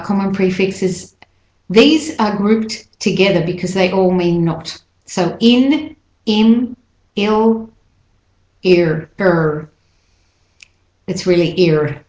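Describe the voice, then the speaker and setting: Brief: woman, pronunciation teacher, unhurried delivery, repeats words syllable by syllable, echoey room. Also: mid-range voice. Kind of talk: slow, deliberate pronunciation lesson.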